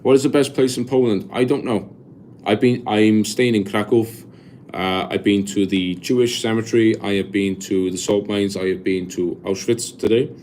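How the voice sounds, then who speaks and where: A young Welsh man talks loosely on a live stream, his voice sitting a little low, stumbling and restarting as he answers viewer comments. Faint background ambience sits under him. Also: steady tone, normal speed, a little mellow, slight background noise. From Wales. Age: 20s. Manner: rambling, chatty, many restarts and fillers; reads viewer comments aloud and answers them. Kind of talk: casual live-stream chat.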